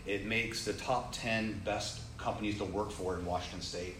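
A man casually telling a story, acting out the people he quotes, with growing excitement. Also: lowish voice, normal speed. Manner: animated, acts out quoted people, rising excitement. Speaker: storyteller sharing a testimony. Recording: roomy echo, faint ambient noise.

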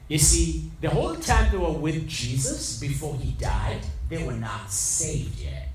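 A male pastor preaching a lively sermon, firing rhetorical questions and calling on the congregation to respond. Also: fairly high pitch, measured pace. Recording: echoey hall, mic far off, music behind.

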